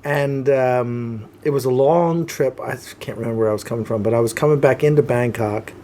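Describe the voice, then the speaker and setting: A man's voice: mid-range voice, a little fast. Candid male guest, faint hum behind. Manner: relaxed storyteller, candid, swears. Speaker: interview guest, film production head. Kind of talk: casual interview chat.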